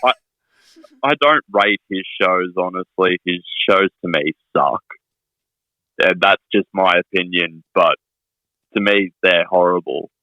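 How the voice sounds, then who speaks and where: A man's voice: deep voice, unhurried, long pauses, no room sound, dull audio. A man, a wrestler guest telling stories in casual podcast chat, swearing often and laughing. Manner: swears a lot, laughing storyteller.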